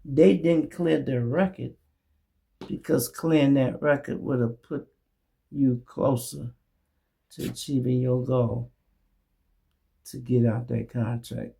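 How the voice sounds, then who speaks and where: Male host, gravelly, profane, mocking street commentator. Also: medium pitch, slow, long pauses, mellow. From Memphis. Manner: blunt, profane, mocking, acts out others' voices. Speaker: show host. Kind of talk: commentary monologue.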